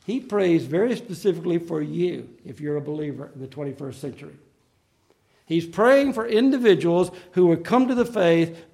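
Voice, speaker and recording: A man preaching a sermon in an earnest, emphatic way, slowing down to stress key phrases. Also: on the high side, gravelly, darkish tone.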